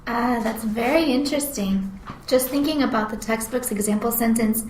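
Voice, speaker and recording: A woman's voice: a little high, normal speed, a little mellow, roomy sound, a little hiss or hum, poor audio. A woman chiming in eagerly during a scripted class presentation. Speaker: student presenter.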